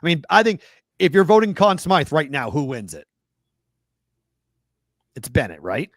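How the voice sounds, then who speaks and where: A man's voice: a little high, sing-song, measured pace, no room sound. A man with a Boston accent co-hosting a sports betting talk show, casually talking through games, thinking aloud and correcting himself.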